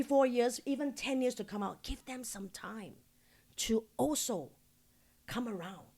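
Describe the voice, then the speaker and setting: Candid, animated woman from Singapore. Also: a little high. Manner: candid, swears freely, animated storyteller. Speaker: podcast guest. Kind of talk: casual interview storytelling.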